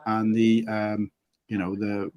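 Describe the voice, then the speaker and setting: A man's voice: lowish voice, level tone, slow pace, darkish tone, dull audio. A man hosting a casual community stream, chatty and rambling through anecdotes. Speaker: stream host.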